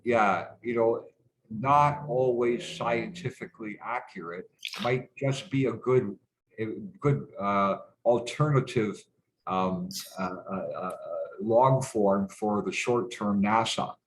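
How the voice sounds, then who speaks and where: A man's voice: fairly low pitch, slow pace, a little hiss or hum, poor audio. A man from Canada talking in a casual interview, rambling with many restarts and fillers and swearing bluntly. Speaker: guest.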